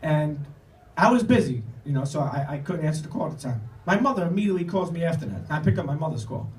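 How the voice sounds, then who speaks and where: A man's voice: on the high side, big pitch swings, fast talker, darkish tone. A man telling a long, profane comic story on stage, rambling and laughing as he goes. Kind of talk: live comedic storytelling. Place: live comedy show before an audience. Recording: echoey room, distant mic, crowd.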